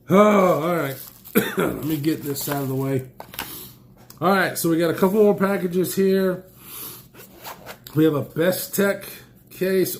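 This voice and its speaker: A man chatting casually while unboxing knives and flashlights, enthusiastic and rambling, a bit stuffy from allergies. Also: a little high. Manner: enthusiastic, rambling, exclaims often. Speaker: knife and gear reviewer.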